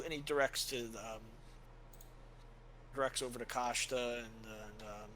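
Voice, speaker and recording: Bright-voiced man running a tabletop game. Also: medium pitch, steady tone, moderate pace, slight background noise, poor audio. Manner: loose storytelling, many fillers. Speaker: game master.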